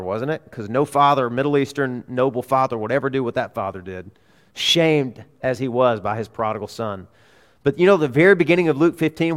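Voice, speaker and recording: Earnest preaching man in a hall. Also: mid-range voice. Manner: earnest preaching, swelling and dropping emphasis. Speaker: pastor. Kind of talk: sermon. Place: church sanctuary. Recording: long reverb of a hall.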